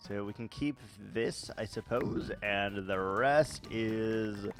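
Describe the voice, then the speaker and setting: A man's voice: on the low side, takes it slowly, soft background music. A man doing unedited commentary over his Minecraft gameplay, thinking aloud with many fillers. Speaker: Minecraft let's-play host.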